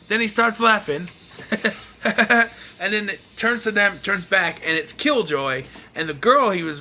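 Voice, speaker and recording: A young man hosts a casual movie review, picking the plot apart with exasperated, sarcastic ranting. His slightly high voice has a sharp, tense brightness and wide pitch swings, and a little hiss or hum is audible.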